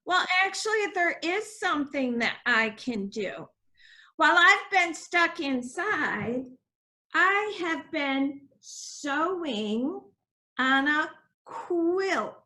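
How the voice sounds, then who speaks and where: A woman teacher on a reading lesson for young children, reading aloud slowly with exaggerated expression. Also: high-pitched, sing-song, bright, forceful tone.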